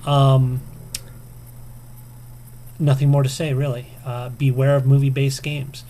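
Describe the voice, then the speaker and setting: A man's voice: medium pitch, little pitch movement, slow, mellow, slight background noise. A man vlogging casually to camera, chatty and self-deprecating, with frequent ums and little chuckles. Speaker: video game vlogger. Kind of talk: casual to-camera tag response.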